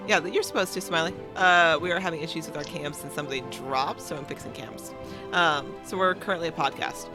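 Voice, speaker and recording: A woman's voice: low-pitched, a little fast. A woman running a tabletop game and hosting a live stream, chatting and laughing while she fixes technical issues. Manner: laughing, upbeat, multitasking. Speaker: game master and stream host. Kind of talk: casual chat on a live stream. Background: background music.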